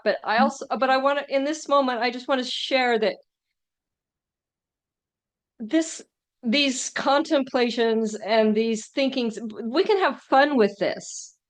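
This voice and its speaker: A woman in a discussion group sharing her thoughts in a musing, hesitant way, in halting phrases. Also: on the high side. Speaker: group participant.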